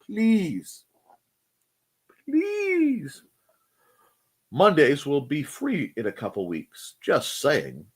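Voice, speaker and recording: A man's voice: medium pitch, huge pitch swings, unhurried, few pauses, husky. A man hosting a casual live chat show, playful and jokey, often breaking into silly voices. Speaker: host.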